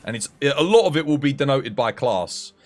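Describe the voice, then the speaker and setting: A man with an English accent, chatting casually on a game livestream and coaching viewers in a relaxed, friendly way. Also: medium pitch, moderate pace, slight background noise. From England. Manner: relaxed, chatty, addresses chat as mate.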